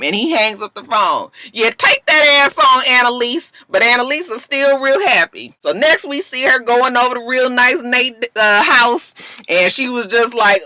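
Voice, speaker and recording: A woman's voice: fairly high pitch, animated, normal speed, bright, forceful tone, dry recording. A young woman recapping a TV episode in a casual vlog, emphatic and exclaiming, drawing out words. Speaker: TV recap vlogger.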